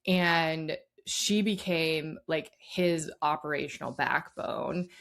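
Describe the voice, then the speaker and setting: Co-hosting a sports podcast, a woman chats casually and leans heavily on "like" and other fillers. Her low voice is gravelly yet fairly bright, and she speaks slowly.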